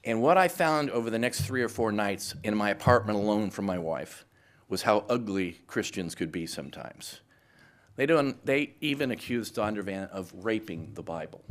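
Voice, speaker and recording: Lively middle-aged man telling stories on stage. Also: on the low side. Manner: lively storyteller who acts out both sides of conversations. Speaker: guest speaker, PR executive. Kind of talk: anecdotal speech to a live audience.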